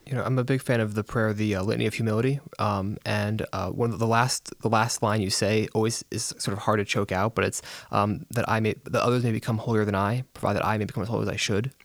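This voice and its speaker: A man joining a relaxed talk about spiritual life, thinking aloud as he goes. He talks fast in a lowish voice. The recording is close and dry. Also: no echo. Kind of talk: casual faith chat.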